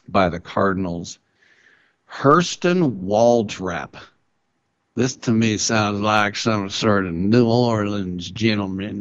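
A man hosting a sports radio show, riffing wryly and clearing his throat often. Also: low-pitched, no echo, dull audio. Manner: joking, wry riffing with frequent throat clearing. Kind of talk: casual sports talk monologue.

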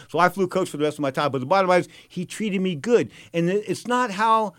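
A man's voice: high-pitched, fast, hardly any pauses, a bit bright, no room sound, clean studio sound. A man telling rambling, casual anecdotes, often circling back with "bottom line is" and throwing in asides. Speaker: storyteller.

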